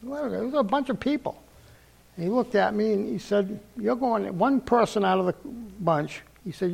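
A man's voice: high voice, expressive, normal speed, vocal fry, a little mellow, breathy edge. An older man giving a sermon testimony, telling his story earnestly and acting out the dialogue he quotes.

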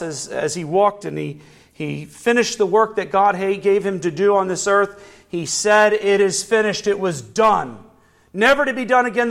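A high-pitched man delivers a sermon at a deliberate, measured pace. He reads scripture slowly, then lifts his voice into fervent, emphatic appeals. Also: fairly bright tone. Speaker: preacher.

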